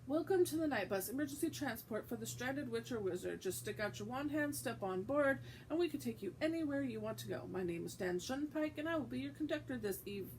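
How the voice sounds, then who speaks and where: A woman's voice: fairly high pitch, lively intonation, a little fast, hardly any pauses, darkish tone, slight background noise, poor audio. A woman voicing a cheeky young male wizard bus conductor with brash, chattering sales patter.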